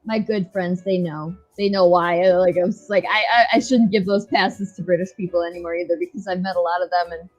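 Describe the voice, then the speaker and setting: A woman's voice: fairly low pitch, steady tone, brisk, hardly any pauses. A woman hosting a casual online chat, talking loosely, laughing often and swearing freely. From United States. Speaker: host. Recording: dull lo-fi sound, faint music.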